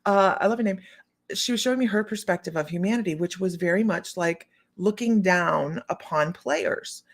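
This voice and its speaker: A middle-aged woman hosting a psychic livestream, telling a long story in a rambling, casual way with many restarts and quick hellos to viewers. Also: on the low side. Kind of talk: casual chat.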